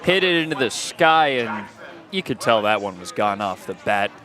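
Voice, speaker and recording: A man's voice: fairly low pitch, sing-song, moderate pace, bright, forceful tone. Man giving baseball color commentary. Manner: analytical, explains plays after they happen.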